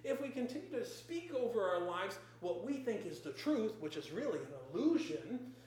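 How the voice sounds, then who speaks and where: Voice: medium pitch, sing-song, normal speed, a little mellow, a little hiss or hum. A preacher delivering a sermon in emphatic, repeated declarations. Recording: very echoey room.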